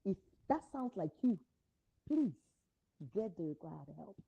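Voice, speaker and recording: A woman's voice: mid-range voice, sing-song, a little slow, creaky, husky, phone-quality sound. A woman giving an earnest motivational talk to parents as a parenting coach, repeating her phrases for emphasis.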